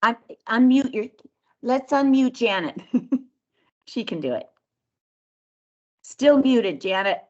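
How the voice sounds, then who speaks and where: A woman's voice: on the high side, expressive, slow pace, long pauses. A woman speaking coach leading an interactive session over a video call, upbeat and encouraging. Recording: dull lo-fi video call audio.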